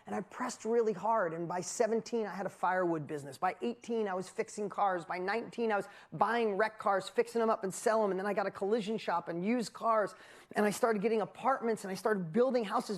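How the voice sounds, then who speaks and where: A man in his fifties from upstate New York, telling his story as a motivational speaker to a live audience. He is animated and emphatic, with self-mocking asides and fast bursts. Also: sits high.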